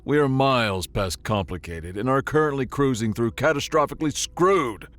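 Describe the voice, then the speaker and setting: A man plays a frazzled space scavenger whose voice climbs in panic, rambling and defensive. The pitch jumps around a lot over a low base. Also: very animated, measured pace, slightly rough, exaggerated voice. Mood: panicky. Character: panicky young male space junker.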